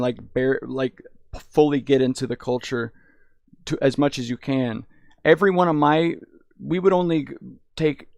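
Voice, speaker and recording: A man's voice: on the high side, vocal fry, no echo, clean studio sound. A young man streaming in VR, chatting casually and rambling, swearing a lot and saying "dude". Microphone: headset in VR.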